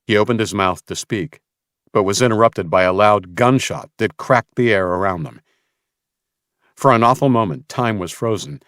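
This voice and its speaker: A man's voice: fairly low pitch, a bit bright, no room sound, clean studio sound. A man narrating a tense audiobook in a dramatic storytelling manner.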